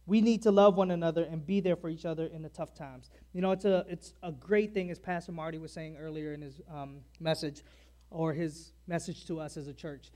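A man preaching a sermon to a church in a chatty way, checking in with "all right?" after nearly every point. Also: high-pitched. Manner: conversational, repeats "all right?" often; loud and soft in turns, stressing key words.

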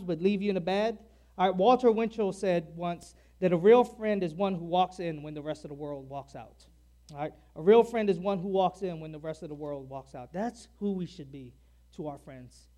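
A man preaching a sermon to a church in a chatty way, checking in with "all right?" after nearly every point. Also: sits high. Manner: conversational, repeats "all right?" often; loud and soft in turns, stressing key words.

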